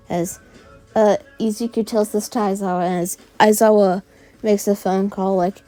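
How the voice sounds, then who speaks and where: A woman's voice: medium pitch, fairly even intonation, unhurried, mellow, faint music behind. A woman casually retelling a fan story, rambling with lots of "uh" and "like". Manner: rambling, full of "uh" and "like".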